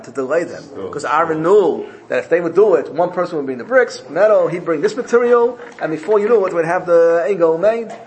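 A man's voice: on the high side, slight background noise, low-quality recording. A man teaching a Torah class, telling a parable. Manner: animated storyteller, voices characters in the parable. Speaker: rabbi.

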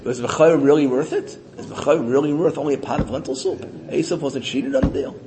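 A man teaching a Torah lesson, telling a story with lively voices and mixing in Hebrew and Yiddish terms. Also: on the high side, fast talker, noisy background.

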